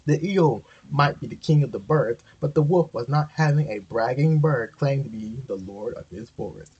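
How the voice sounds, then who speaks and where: A man's voice: medium pitch, normal speed, hardly any pauses, darkish tone, husky, lo-fi sound. A man reading a children's story aloud casually, often stumbling and correcting himself. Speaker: amateur reader.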